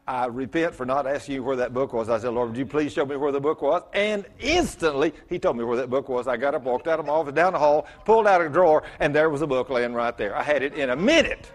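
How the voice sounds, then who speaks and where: A middle-aged man preaching a sermon as pastor, telling stories with self-mocking humor and rising to loud emphatic bursts. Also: mid-range voice, fast talker, hardly any pauses.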